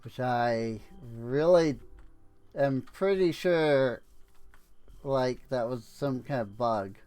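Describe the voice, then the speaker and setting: A man's voice: mid-range voice, takes it slowly, a little mellow, smooth. A man streaming a game, musing and wry as he talks through his play with frequent fillers. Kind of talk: game commentary.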